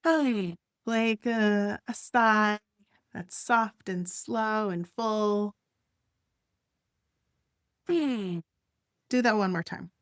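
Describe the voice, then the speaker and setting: A woman leading a guided breathing and stretching exercise, with gentle, encouraging, unhurried instructions and the odd soft laugh. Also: medium pitch, fairly even intonation, clean tone, no room sound, studio quality. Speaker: wellness instructor.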